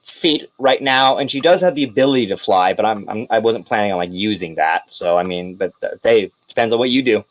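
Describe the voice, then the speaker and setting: A man narrating a tabletop game as game master, in a relaxed, rambling way with fillers and quick bursts. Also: fairly low pitch, poor audio.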